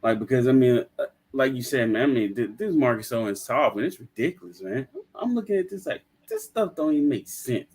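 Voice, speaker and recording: A man's voice: mid-range voice, animated, a little fast, a little mellow, slightly rough. A man in casual chat about his trading, speaking in a loose, rambling, agreeable way. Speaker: guest trader.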